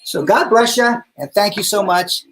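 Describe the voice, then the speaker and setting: A man's voice: high voice, normal speed, a bit bright. Enthusiastic male livestream host. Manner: enthusiastic, calls out to family off camera. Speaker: hair education show host. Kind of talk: livestream closing address to viewers.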